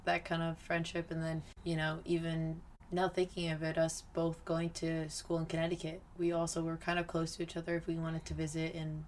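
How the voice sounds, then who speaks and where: Low-voiced young woman reminiscing. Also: brisk, hardly any pauses, a little hiss or hum. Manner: relaxed, fond, full of fillers. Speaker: podcast guest. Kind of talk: casual reminiscing chat.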